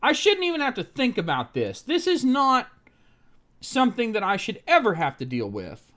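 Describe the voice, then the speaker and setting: Male streamer fixing a laptop, profane and fed up, pitch all over the place. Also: wildly swooping pitch, moderate pace, a bit bright. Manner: exasperated, profane ranting at the screen; mutters technical steps under his breath. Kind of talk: live-stream tech commentary.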